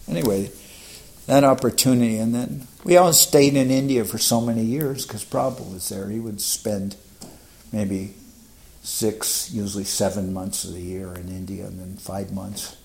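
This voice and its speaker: A man's voice: on the low side, creaky, darkish tone, slight background noise. An older man casually recalling memories, rambling and laughing as he mimics others. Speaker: devotee recalling his teacher. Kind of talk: casual reminiscence.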